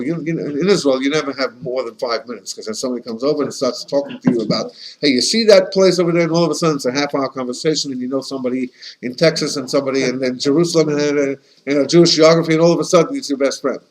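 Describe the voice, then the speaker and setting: A man's voice: mid-range voice, fairly even intonation, rapid-fire, rough recording. A man, a rabbi, teaching a casual class in a chatty, anecdotal way, often restarting his sentences and dropping in Yiddish and Hebrew terms. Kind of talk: casual conversational lesson.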